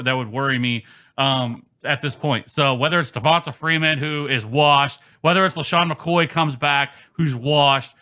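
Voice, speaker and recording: Male podcast host, bright and emphatic, casual sports talk. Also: mid-range voice. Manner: emphatic, quick, frequent ums. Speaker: fantasy football podcast host.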